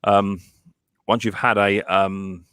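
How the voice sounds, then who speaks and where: A man hosting a casual live stream chat, rambling and halting, with many restarts and fillers. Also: fairly low pitch, little pitch movement, fairly bright tone, clean tone, no echo, studio quality.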